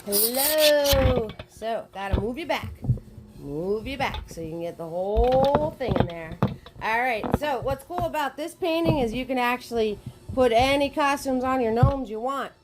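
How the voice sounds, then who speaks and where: A woman's voice: on the high side, measured pace, very noisy. A woman hosting a live painting class online, chatting with viewers and greeting them in a sing-song way. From Washington state. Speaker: paint party host.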